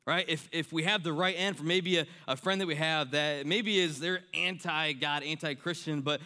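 Bright-voiced man preaching a sermon. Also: on the high side, moderate pace. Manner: earnest preaching, repeats key lines, many fillers like "right?" and "I mean". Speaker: pastor.

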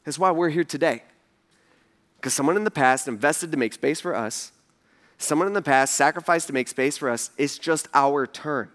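Bright, high-voiced male pastor preaching. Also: normal speed. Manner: casual, emphatic preaching with animated asides. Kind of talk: sermon.

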